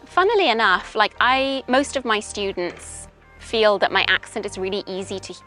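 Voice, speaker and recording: A woman's voice: medium pitch, animated, moderate pace, sharp tone, soft background music. A young British woman from Wales, an English teacher, chatting casually in an outdoor interview and explaining with examples. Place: outdoors in a park. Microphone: handheld voice recorder.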